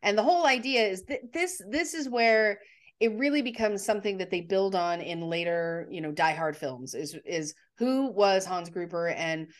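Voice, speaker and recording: A woman's voice: medium pitch, normal speed. A woman co-hosting a casual chat, retelling a film's plot in a chatty way with many ums. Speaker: podcast co-host. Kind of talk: casual movie recap chat.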